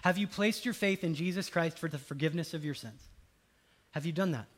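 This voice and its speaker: Pastor preaching, fairly high voice. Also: male voice, brisk. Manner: conversational, swings from loud emphasis to soft hushed tones. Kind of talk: sermon.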